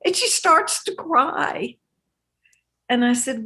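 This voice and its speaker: A woman's voice: on the high side, very animated, creaky, a bit bright. Earnest woman teaching relationships. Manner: measured, reflective, earnest. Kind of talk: interview conversation.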